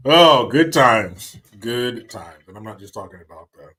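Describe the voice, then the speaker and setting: A middle-aged man with a bright, forward voice hosts a casual live stream. He chats loosely with viewers, cracks jokes, laughs often and swears freely. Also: lowish voice, animated, normal speed, hardly any pauses. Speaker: livestream host.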